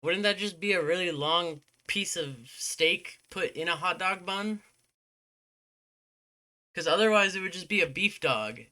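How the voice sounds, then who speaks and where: A young male streamer chats to his viewers in a put-on American accent, rambling and joking as he plays. His voice is bright and a little higher than most men's, kept low and quiet. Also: measured pace. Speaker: game streamer. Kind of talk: casual live-stream chat.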